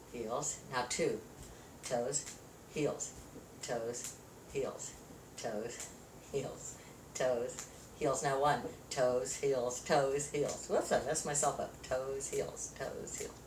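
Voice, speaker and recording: A woman's voice: rumbling low, steady tone, drawn-out words, pauses often. A woman leading a chair yoga class, counting out moves and giving encouraging cues while a little out of breath. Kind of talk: exercise class instruction. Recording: roomy echo, distant mic, faint noise.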